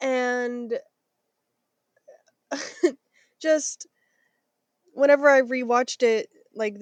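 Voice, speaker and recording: A woman co-hosting a casual podcast, talking slowly in a slightly higher voice. She laughs often, repeats herself and swears casually. The sound is dry and close. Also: dry recording. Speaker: podcast co-host. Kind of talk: casual chat.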